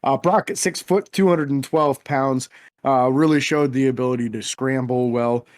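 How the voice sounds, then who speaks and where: A man's voice: mid-range voice, moderate pace. A man co-hosting a casual sports podcast, methodically breaking down player performances. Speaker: podcast co-host.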